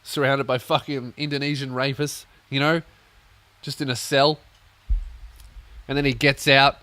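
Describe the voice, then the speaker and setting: A young man hosting a comedy podcast, telling a story as a sweary, animated rant. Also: medium pitch, unhurried, no room sound. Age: young adult. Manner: swearing, animated, acts out voices.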